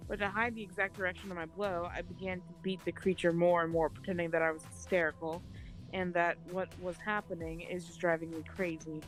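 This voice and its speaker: A woman hosting a let's play, reading a dark visual novel aloud in a melodramatic but deadpan voice. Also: lowish voice, brisk, faint music behind, rough recording.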